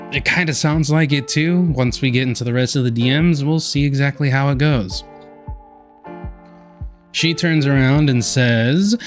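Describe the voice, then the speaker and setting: Laid-back man reading messages aloud. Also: mid-range voice. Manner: reads quotes aloud with sighs and chuckles, laid-back. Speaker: commentary channel host. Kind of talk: casual commentary reading out messages.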